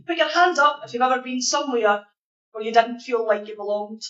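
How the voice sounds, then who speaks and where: Scottish woman minister, higher voice, relaxed chatty sermon, echoey hall with a dull sound. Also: a little fast. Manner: chatty, asks the congregation questions. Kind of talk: informal sermon to a congregation. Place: church hall.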